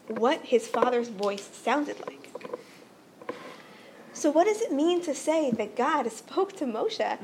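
A woman with a high-pitched voice giving an earnest religious lesson, explaining step by step and checking in with her listeners. A faint hum of room noise runs underneath. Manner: earnest, explanatory, frequent "right?" check-ins. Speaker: teacher. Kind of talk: religious teaching talk.

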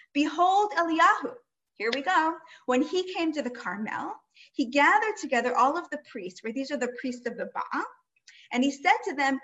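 A woman's voice: high voice, a bit bright, dull audio. A woman teaching a text-study lesson, explaining a passage step by step and checking in with her listeners with a frequent "right?". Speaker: Torah teacher.

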